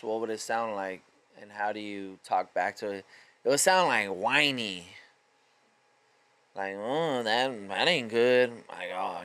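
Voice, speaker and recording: A man's voice: medium pitch, bright, forceful tone. A man hosting a solo podcast, delivering a profane, fired-up motivational rant in casual street slang. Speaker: podcast host.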